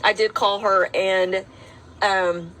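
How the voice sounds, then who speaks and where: A woman's voice: mid-range voice, steady tone, slow pace, a bit bright, rough recording. A woman, a rideshare driver, tells her own story to camera in a matter-of-fact, defiant way.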